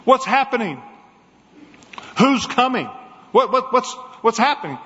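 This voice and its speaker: A man's voice: sits high, a little slow, fairly bright tone, big-room sound, lo-fi sound, pitched above the performer's own voice. A man preacher voicing a desperate blind beggar who cries out for mercy. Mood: anxious. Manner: crying out, begging.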